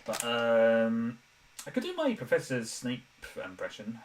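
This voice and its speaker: A man's voice: mid-range voice, wildly swooping pitch, unhurried, recorded from a distance, slight background noise, rough recording. Chatty young man with a dry throat. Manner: self-deprecating, chatty, laughs often. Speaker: animator streaming live. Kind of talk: casual live-stream chat. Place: home room, window open.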